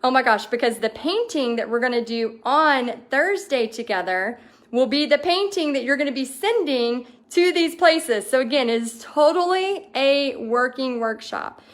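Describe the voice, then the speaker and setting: A woman in her thirties hosts a livestream in a fairly high voice. She reads out viewer comments and answers them in a bubbly, enthusiastic, chatty way, with plenty of ums along the way. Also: animated, measured pace. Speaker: host of a paint party business livestream.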